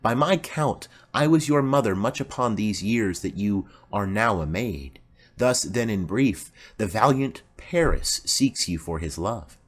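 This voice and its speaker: A man's voice: on the low side, animated. A man voicing a formal, commanding noblewoman mother in an audiobook play reading. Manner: formal, measured.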